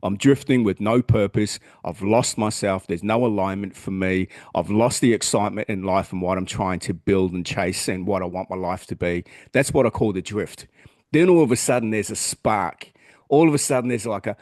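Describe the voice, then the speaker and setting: Blunt Australian man, low voice. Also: fairly quick, a little mellow, dry recording, studio quality. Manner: blunt, swears freely, earnest. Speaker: podcast co-host. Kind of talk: casual chat.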